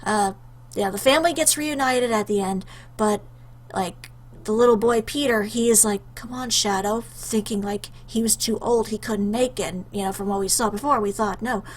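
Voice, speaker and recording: A young woman talks straight into her webcam in a loose, rambling way, full of little fillers and restarts. Her voice sits at an ordinary pitch, and she sounds choked up with emotion. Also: moderate pace. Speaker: YouTuber answering a questionnaire. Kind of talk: casual webcam chat.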